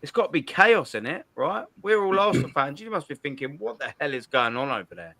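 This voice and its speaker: Lively slangy man hosting. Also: fairly high pitch, fairly quick, no room sound. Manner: animated, slangy, lots of restarts. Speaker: host of a football call-in show. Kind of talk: casual chat.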